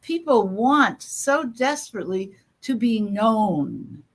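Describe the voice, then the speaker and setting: A woman guest on an interview, speaking earnestly and emphatically with quick asides and fillers. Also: fairly high pitch, big pitch swings. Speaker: guest author. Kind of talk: conversational interview.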